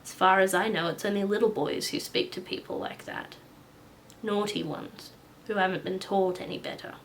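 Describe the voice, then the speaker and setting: Woman doing a calm patronizing doctor guy, soft murmuring voice, a bit lower and quieter. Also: normal speed, gravelly, slight background noise, lightly acted.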